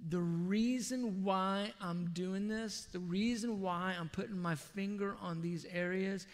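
A man's voice: high voice, slow pace, big-room sound. A man preaching a sermon in an earnest, conversational way, with casual asides and quoted lines. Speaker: pastor.

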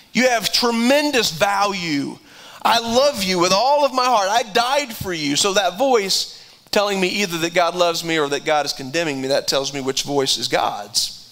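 A man preaching a sermon in a conversational way, often repeating words and climbing higher when he is stirred. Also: sharp tone, poor audio.

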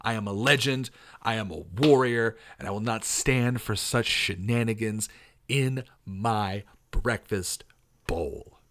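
A man putting on a tough wrestler voice to read out a loud, intense promo. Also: on the low side, slow pace. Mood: indignant.

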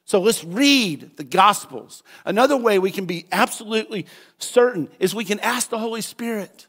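A male pastor preaching a sermon in a church, animated and acting out voices, at times rising to a shout. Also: high-pitched, normal speed, breathy edge. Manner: animated, acts out quoted voices, rises to shouts.

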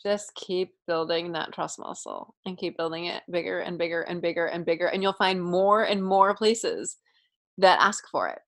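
A woman's voice: lowish voice, moderate pace, a bit bright. A woman hosting a podcast, speaking casually and encouragingly to her guest. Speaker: podcast host. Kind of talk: conversational interview.

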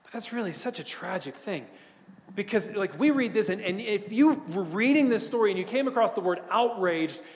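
A man preaching a sermon as a pastor, swinging from emphatic bursts to hushed, almost whispered moments. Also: sits high, animated, normal speed, big-room sound.

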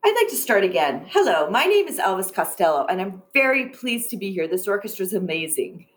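Woman doing a cranky male rock star in an anecdote; quiet, clipped, formal. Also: medium pitch, big pitch swings, brisk, lightly acted. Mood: polite. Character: grumpy male rock star, later polite.

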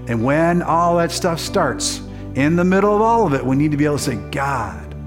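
A man preaching a sermon as a pastor, impassioned and rising, then quieter and earnest. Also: mid-range voice.

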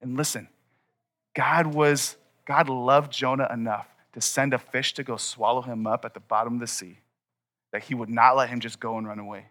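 A man's voice: medium pitch, steady tone, normal speed, fairly bright tone. A young man preaching a sermon to his congregation in a casual, conversational way. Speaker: pastor. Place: church hall before a congregation.

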